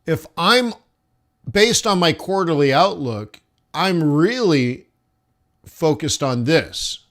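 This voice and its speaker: A man's voice: on the high side, lively intonation, a bit bright. A man live-streaming forex trades, thinking aloud over his charts and talking to viewers as "guys". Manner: slow, musing, talks to chat as "guys". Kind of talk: live trading stream commentary.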